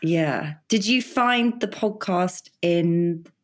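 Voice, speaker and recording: A woman hosting a podcast who talks casually and with enthusiasm, laughing easily and jumping up in pitch when excited. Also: slow pace. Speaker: podcast host. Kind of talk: casual interview chat.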